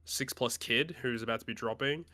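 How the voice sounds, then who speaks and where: A young man co-hosting a casual podcast chat, giving relaxed, considered opinions with frequent ums. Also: medium pitch, a little fast. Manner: relaxed, analytical, hedges with ums. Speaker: podcast co-host.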